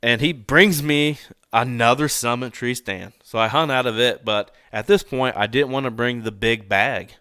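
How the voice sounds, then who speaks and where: A young man recounts a story as a guest on a casual podcast, animated and quick to laugh, with the odd swear word. His voice is bright and forceful, smooth and clean. The close mic keeps it dry, with no room sound. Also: medium pitch, dry recording.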